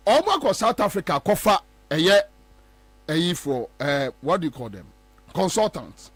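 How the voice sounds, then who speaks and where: A man's voice: high-pitched, sing-song, a little slow, long pauses, fairly bright tone, husky, dry recording. A Ghanaian man hosting a talk show, giving emphatic, repetitive political commentary and mocking others.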